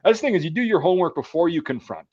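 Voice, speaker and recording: A man's voice: a little high, rapid-fire, lo-fi sound. A man in his thirties, a military veteran, telling a story in casual chat with lots of swearing and acted-out quotes. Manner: profane, animated storyteller acting out quotes. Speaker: podcast host, military veteran.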